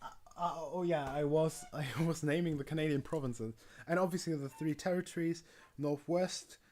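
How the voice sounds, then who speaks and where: A man's voice: fairly high pitch, steady tone, normal speed, darkish tone, a little hiss or hum. A man streaming alone, rambling casually with jokes, frequent ums and stumbling self-corrections. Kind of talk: casual livestream monologue.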